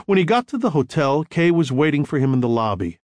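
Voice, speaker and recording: A man narrating a novel as an audiobook, in measured, expressive storytelling. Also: fairly high pitch, dry recording. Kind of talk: scripted narration.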